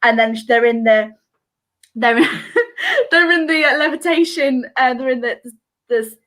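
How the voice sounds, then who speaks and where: Chatty woman hosting an online quiz from home, kinda high voice, giggles a lot, sing-songy. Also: moderate pace, a bit bright. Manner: chatty, giggly, reads answers in a sing-song lilt. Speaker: quiz host. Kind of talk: casual live quiz hosting. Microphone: video call mic.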